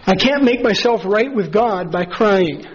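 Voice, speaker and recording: A man preaching a sermon as pastor, earnest and measured, slowing down to stress key phrases. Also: high-pitched, animated, husky, muffled recording.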